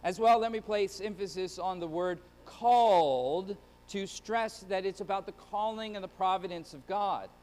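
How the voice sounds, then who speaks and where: A man's voice: high voice, normal speed, darkish tone, in a large hall. A male pastor preaching an earnest Sunday-morning sermon to his church, often stumbling and repeating words.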